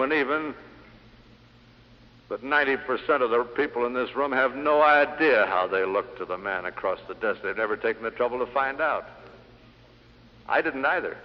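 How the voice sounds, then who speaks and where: A man's voice: mid-range voice, in a large hall, muffled recording. A man giving a speech on selling to a live audience, telling stories in a punchy way with rhetorical questions, in an old vinyl recording. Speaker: sales speaker. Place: large hall.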